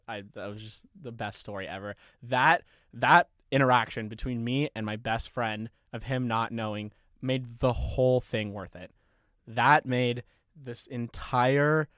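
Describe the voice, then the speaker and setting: With a fairly low voice, a young man hosting a podcast animatedly retells a story, swearing a lot and often laughing in a casual way. The studio sound is clean and dry.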